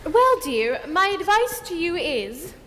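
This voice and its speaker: A tipsy grand chaperone drawls her lines slowly and theatrically, as a woman puts her on. The voice is very high and swoops widely. It carries the reverb of a theatre hall. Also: very animated, fairly bright tone, exaggerated voice. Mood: languid. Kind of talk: amateur stage musical acting. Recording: reverberant stage hall with faint noise.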